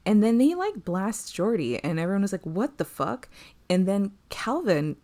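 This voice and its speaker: A woman's voice: mid-range voice, big pitch swings, normal speed, dark tone. A woman co-hosting a podcast, recapping an episode in casual chat, rambling with lots of fillers and laughs.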